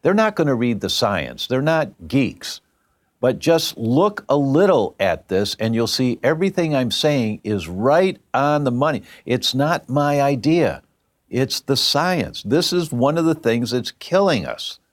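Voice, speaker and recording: A man's voice: medium pitch, sing-song, a little slow. A man telling a personal story as a guest, emphatic and plain-spoken.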